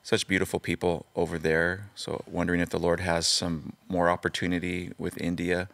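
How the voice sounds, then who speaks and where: A pastor in his fifties tells stories as a guest in a casual interview. His voice sits very low and has a gravelly edge. He acts out the back-and-forth of each story as he goes. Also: normal speed. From California. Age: 50s. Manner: animated storyteller, acts out dialogue.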